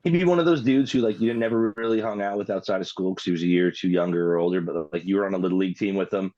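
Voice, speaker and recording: Deep-voiced man, muffled lo-fi sound. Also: racing, warm tone. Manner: laid-back, wry, rambling. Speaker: podcast co-host. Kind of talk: casual podcast banter. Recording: muffled lo-fi recording.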